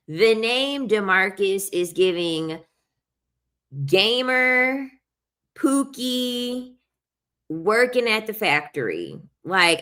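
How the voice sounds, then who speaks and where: In a sharp-toned, medium-pitched voice, a woman rants at her viewers with blunt, opinionated talk. She swears freely and keeps saying "I'm sorry" throughout this casual rant.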